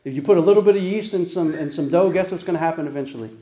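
Man, pastor, sermon, high voice, echoey room, keeps asking "right?". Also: rapid-fire, dark tone. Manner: conversational, repeats "right?" and "guess what?".

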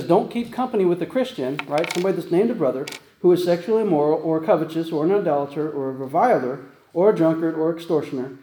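A man's voice: on the high side, dark tone, reverberant. A man preaching a sermon as pastor, conversational, often checking in with "right?" and "guess what?".

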